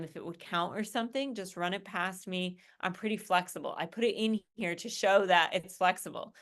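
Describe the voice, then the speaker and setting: A woman's voice: mid-range voice, fairly bright tone. A woman college English instructor in a recorded lecture, walking students through an assignment in a conversational way and often checking in with "right?" and "okay?".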